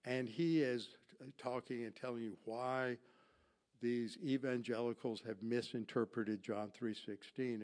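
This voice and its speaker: A Bible teacher with a mid-range, slightly mellow voice lectures from slides in a classroom setting. He walks through Greek grammar and poses questions to his audience, then answers them himself.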